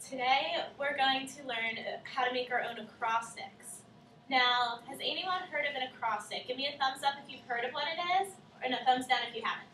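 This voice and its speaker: High-voiced woman explaining step by step. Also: brisk, bright, forceful tone, slight background noise. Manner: clear, step-by-step explanations, asks the class questions. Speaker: student teacher. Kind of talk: classroom teaching. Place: classroom. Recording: echoey classroom from far off.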